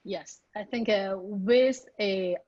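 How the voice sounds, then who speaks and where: A woman's voice: mid-range voice, takes it slowly, no room sound. A woman hosting an interview, encouraging her listeners in an earnest way with many "you know"s and fillers. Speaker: host. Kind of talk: casual interview chat. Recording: dry, dull lo-fi recording.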